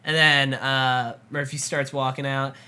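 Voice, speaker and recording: A woman co-hosting a casual recap podcast, excited and quick to laugh as she talks through scenes with many fillers. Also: very deep voice, clean tone. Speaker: podcast co-host.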